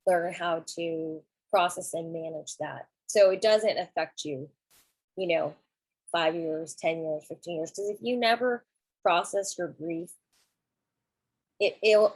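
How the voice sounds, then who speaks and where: A middle-aged woman with a husky, slightly low voice speaks gently and reflectively in a podcast conversation. The recording is dry and close, with no room sound around her. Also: measured pace, no echo, low-quality recording. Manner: gentle, reflective, soft-spoken. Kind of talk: candid conversation about grief.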